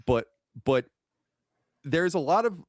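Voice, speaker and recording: Podcast co-host, male, lively intonation, musing, very dry recording. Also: a little high, takes it slowly, no room sound. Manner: musing, hedging, restarts a lot. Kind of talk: casual chat.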